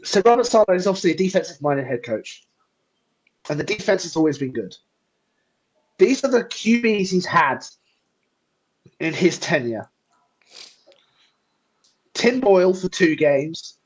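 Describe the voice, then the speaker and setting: Man, sports co-host, laid-back, high voice, casual stat talk. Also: sing-song, measured pace, long pauses, husky, poor audio. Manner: laid-back, laughs often, breaks down stats. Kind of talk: casual live-stream sports chat.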